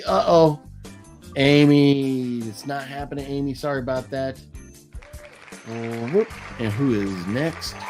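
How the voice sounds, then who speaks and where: Easygoing man hosting a live stream. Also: medium pitch. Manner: lively, apologetic, chuckling, drawn-out name calls. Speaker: host of a live movie news stream. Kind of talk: casual live-stream giveaway chat.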